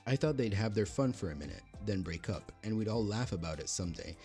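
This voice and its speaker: A man's voice: on the low side, expressive, fast talker, mellow, faint music behind. A man hosting a reaction video who reads an online post aloud with live commentary. He stumbles over words, jokes at his own slips and slides into a put-on British accent. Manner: drifts into a put-on British accent while reading.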